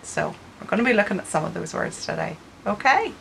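A middle-aged woman from Scotland, her accent softened by Northern Ireland, leading a friendly art workshop video and explaining things with frequent ums. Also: on the low side, expressive, a little fast, creaky, noisy background. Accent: Scottish with a Northern Irish lilt.

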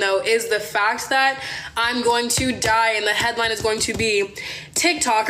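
A woman's voice: on the high side, sharp tone. A young woman vlogger telling a dramatic, profanity-laced story on a livestream, with lots of fillers.

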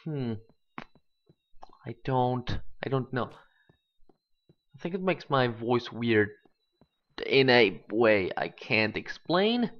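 In this let's play commentary, the gaming channel host muses aloud and suddenly gets excited with loud exclamations. He takes it slowly at a medium pitch, leaving long pauses, and the dull lo-fi home mic gives a flat sound.

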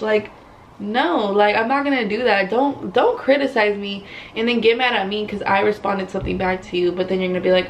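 A slightly fast, mid-range female voice comes through poor audio with a little hiss or hum. She's a young beauty vlogger filmed in her bedroom during her makeup routine, chatting bluntly in a get-ready-with-me style, full of swearing and "like."

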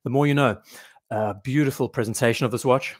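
A man's voice: mid-range voice, brisk, dry recording, studio quality. A man hosting a casual live stream, rambling and reading viewer comments aloud.

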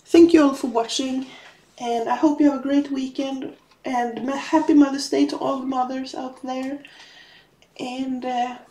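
Crafting at home indoors, a Swedish woman vlogger chats casually, sniffling from a runny nose and apologizing often. Her voice sits high and sounds warm, with a flat, slightly slow delivery, and she gets sidetracked easily.

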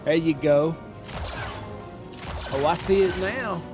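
Music plays behind this male gaming streamer, whose voice is fairly high and whose pace is unhurried. He keeps up a casual, chatty commentary, working out his decisions out loud.

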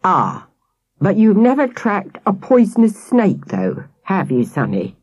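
A woman's voice: mid-range voice, huge pitch swings, measured pace, a little mellow, breathy edge, no room sound, voice pushed up, heavily acted. A woman reading a storybook, voicing a stern, suspicious adult policeman who speaks through gritted teeth. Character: menacing, gruff grown-up policeman.

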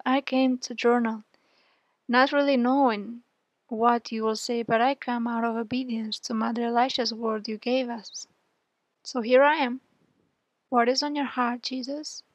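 A woman's voice: on the high side, dry recording. Earnest woman reading a prayer journal. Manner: earnest, gentle, heartfelt. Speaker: devotional journal reader. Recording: dull, dry lo-fi recording.

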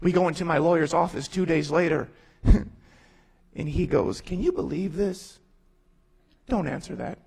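In a rough recording, a man in his thirties with a highish, breathy voice and vocal fry speaks at normal speed with long pauses. He's a pastor giving a testimony sermon, telling his story emphatically, voicing himself and others, and climbing to near-shouts.

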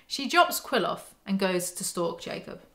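A young woman with a mid-pitched, everyday voice hosts a book breakdown vlog. She reads passages aloud and cuts in with sarcastic, exasperated remarks. She speaks close to the mic. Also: sing-song, unhurried, bright, forceful tone. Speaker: book commentary host. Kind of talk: reading from a novel with sarcastic commentary.

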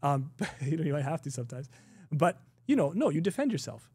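A man's voice: a little high, very animated, fairly quick, darkish tone, husky, dry recording. A middle-aged man teaching an informal class on Islamic ethics, talking loosely with frequent laughs and restarts, and acting out quoted exchanges. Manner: conversational, laughs often, many restarts and "you know"; acts out quoted exchanges in a raised voice.

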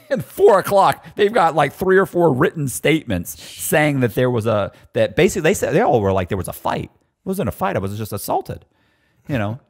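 A man's voice: fairly high pitch, fairly quick. A middle-aged man casually telling prison stories, swearing freely, laughing often and acting out what others said. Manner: animated, profane, laughs often, acts out quotes. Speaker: guest storyteller. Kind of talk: casual storytelling chat.

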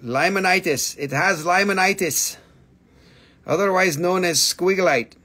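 Selling minerals on a live stream, this man keeps the chat playful, goofy, and full of swearing. He speaks at a measured pace in a high-pitched, bright voice that is forceful, with a breathy edge.

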